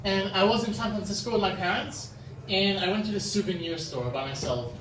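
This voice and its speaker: A young man performing an open-mic stand-up set, telling self-deprecating stories in an animated way. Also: sits high, a little fast. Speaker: stand-up comedian. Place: open-mic comedy venue. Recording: roomy, distant, noisy live-venue recording. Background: audience laughter.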